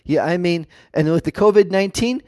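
A man's voice: sits high, fairly quick, a little mellow, no echo. A man vlogging in a casual monologue. He rambles, restarts often and acts out quotes.

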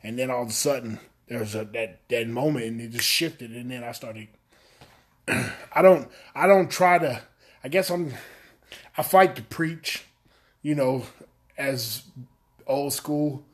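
In a relaxed podcast chat, the man hosting drones in a subdued, low-energy way, rambling slightly with self-deprecating remarks. His pace is measured, broken by long pauses.

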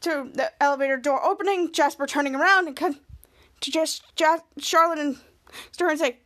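A woman with a high-pitched voice hosts a podcast, recapping a TV episode in a casual, halting way. She restarts her sentences often and strings events together one after another. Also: fairly bright tone. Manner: halting, repetitive retelling with many restarts and "cut to". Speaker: podcast host.

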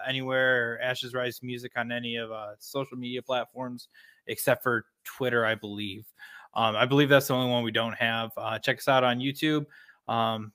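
A man's voice: medium pitch, sharp tone, smooth. A man appearing as a guest musician, chatting casually and easily with many fillers. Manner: easygoing, filler-heavy plugging. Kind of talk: casual chat.

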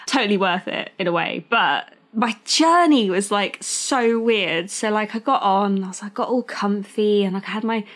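A young woman co-hosting a podcast, telling a story in a lively chatty way, acting out quotes and laughing often. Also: mid-range voice, moderate pace, few pauses. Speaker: podcast co-host. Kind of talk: casual chat.

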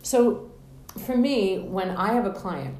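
A woman's voice: mid-range voice, expressive, slow, a little mellow. A woman hosting a casual podcast interview, bubbly and jokey, laughing often. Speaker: podcast host. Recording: roomy with faint background noise.

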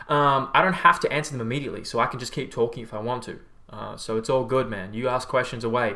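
A man's voice: mid-range voice, steady tone, quick pace, few pauses, pushed and bright. Laid-back Australian man livestreaming. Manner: rambling, laid-back, swears freely. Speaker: livestreamer and health coach. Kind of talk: casual livestream chat answering viewer comments.

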